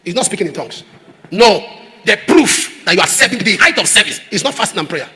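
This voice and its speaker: A man preaching a sermon as pastor, repeating refrains and rising to shouts. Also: sits high, animated, brisk, husky. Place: large church auditorium. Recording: echoey church hall.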